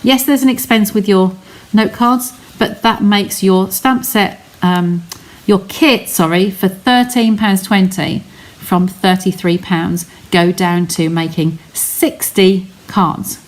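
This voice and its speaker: A woman's voice: medium pitch, steady tone, slow, hardly any pauses. A woman hosting a live craft stream from her home studio, explaining each step in a chatty way and talking to her viewers.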